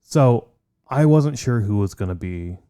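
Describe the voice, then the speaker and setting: A man's voice: on the low side, expressive, measured pace, warm tone, clear, resonant tone. A man co-hosting a podcast in casual chat, enthusiastic and swearing freely. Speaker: podcast co-host.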